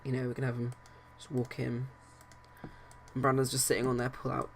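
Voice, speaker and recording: Telling stories and commenting on his life-sim game, a man rambles casually, often hesitating and starting over. He speaks briskly in a monotone, mid-range voice with vocal fry, and there's slight background noise.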